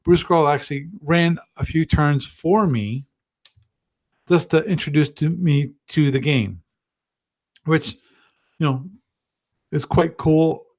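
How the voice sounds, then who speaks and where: A man's voice: on the high side, takes it slowly, pauses often, a little mellow. A man hosting a live stream, chatting casually and thinking aloud, with frequent restarts and self-deprecating asides. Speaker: host of a gaming livestream.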